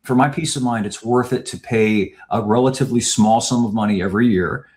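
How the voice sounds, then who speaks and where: A man speaking as a podcast guest, laying out his points in a measured, explanatory way. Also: lowish voice, darkish tone. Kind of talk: podcast interview.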